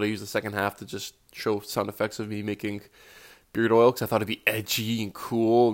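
Male podcast host, lowish groggy morning voice, rambling self-deprecating chat with casual swearing.

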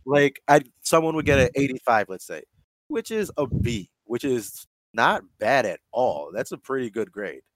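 A man chatting casually and swearing freely, telling stories in an animated way with plenty of "like.". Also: mid-range voice, moderate pace, no echo. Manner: profane, animated storytelling full of "like". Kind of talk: casual chat.

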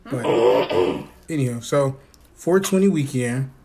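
A man's voice: medium pitch, animated, a little slow, a little mellow. A man hosting a casual podcast, loose and joking, laughing often and swearing freely. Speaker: podcast host. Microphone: phone.

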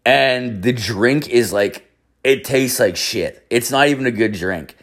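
A man's voice: mid-range voice, measured pace, a bit bright. A man casually telling a rambling, profane story as a vlogger, piling up "I was like" asides.

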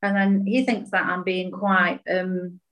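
A woman who is a podcast guest, talking in a thoughtful, measured and empathetic way. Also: lowish voice, level tone, fairly bright tone, low-quality recording. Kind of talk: reflective conversational chat.

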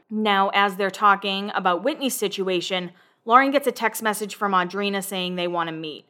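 A woman hosting a casual recap chat, talking freely with plenty of swearing and quick laughs. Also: medium pitch, bright, forceful tone. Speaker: podcast host recapping a reality show.

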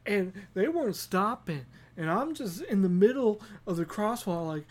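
A woman's voice: medium pitch, lively intonation, normal speed, hardly any pauses, a little mellow. A woman hosting a podcast, telling a rambling comedic story with lots of giggles. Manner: giggly, rambling, self-mocking. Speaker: podcast host.

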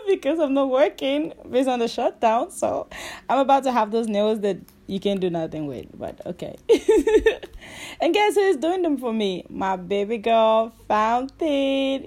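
A woman's voice: on the high side, a little mellow. A woman hosting a casual solo podcast from home, chatty and laughing often, stretching out her advice. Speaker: podcast host. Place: home, during lockdown.

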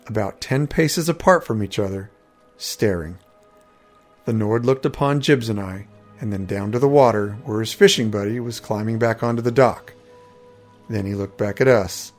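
Man reading a wry fantasy story. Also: fairly low pitch. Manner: conversational, wry asides. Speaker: narrator.

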